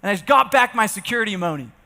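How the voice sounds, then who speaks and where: On a big event-hall stage, a man delivers a high-energy sales keynote, his high voice racing very fast. He spins stories, acting out the dialogue, and rallies the crowd to join in, all wrapped in the long reverb of a large hall.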